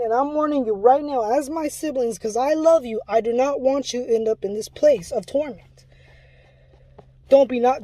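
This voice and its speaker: A woman's voice: on the high side, dark tone, no room sound, poor audio. A woman giving an impassioned religious warning, pleading and urgent, often restarting her sentences.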